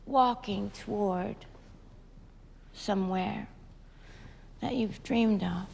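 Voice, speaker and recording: An actress playing a fragile, aging female singer who talks haltingly and emotionally to a concert audience. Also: medium pitch, creaky, a little mellow, a little hiss or hum, exaggerated voice. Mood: tender. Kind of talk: film drama dialogue. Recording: echoey concert hall with audience.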